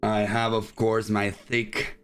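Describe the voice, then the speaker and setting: A man's voice: on the low side, monotone, slow, fairly bright tone, clear, resonant tone, faint music behind. A man with a Spanish accent, a native Spanish speaker, hosting a casual livestream interview in a loose, chatty way full of fillers. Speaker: host.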